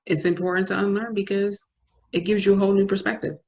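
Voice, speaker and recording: A woman co-hosting a podcast in casual chat, talking in a relaxed, conversational way and acting out how other people react. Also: mid-range voice, fast talker, lo-fi sound. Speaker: podcast co-host.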